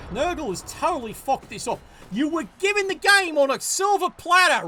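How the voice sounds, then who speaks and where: A man commentates on a game live in a very high, bright voice. He swears often and sounds exasperated as he scolds the players' choices. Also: animated, measured pace, slight background noise.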